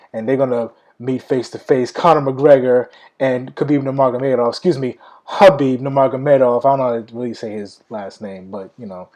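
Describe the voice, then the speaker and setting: A man's voice: mid-range voice, a little mellow, low-quality recording. A young man hosting a podcast, talking loosely and rambling with lots of fillers, calling his listeners y'all. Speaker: podcast host. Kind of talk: casual podcast talk.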